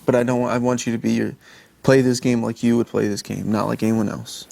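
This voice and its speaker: A man's voice: medium pitch, little pitch movement, brisk, vocal fry, darkish tone, slight background noise. A young man talking earnestly and reassuringly to his partner, often restarting his sentences. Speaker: reality show houseguest. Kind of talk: intimate casual talk.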